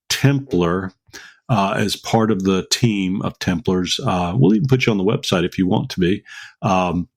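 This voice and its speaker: A man hosting a podcast in casual chat, rambling with many fillers and restarts. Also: sits low. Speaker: podcast host.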